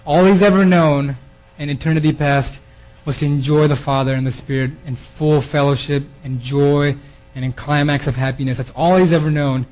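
Man, sermon, earnest, restarts phrases, slightly high voice. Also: steady tone, moderate pace, a little mellow, poor audio. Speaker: preacher giving a theme talk.

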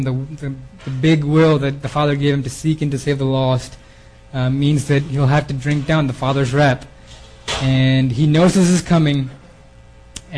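A man's voice: on the high side, darkish tone, low-quality recording. A man preaching a sermon in an earnest way, often repeating words and restarting his phrases. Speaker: preacher giving a theme talk.

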